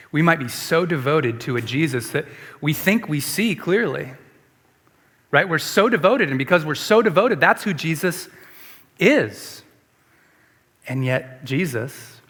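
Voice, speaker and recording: A man preaching a sermon as pastor, earnest and questioning, moving between emphatic lines and hushed ones. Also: medium pitch, slightly rough, long reverb tail. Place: church.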